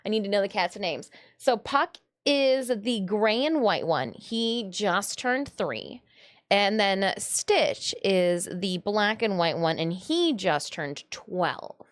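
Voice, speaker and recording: A woman's voice: mid-range voice, animated, slow pace. A woman from Michigan chatting casually on a live stream, greeting viewers and talking to her cats.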